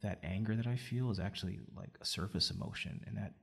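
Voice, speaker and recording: A man's voice: lowish voice, fast talker, gravelly, breathy edge. A man hosting a podcast on trial law, talking in an emphatic, coaching way. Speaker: podcast host. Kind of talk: conversational podcast interview.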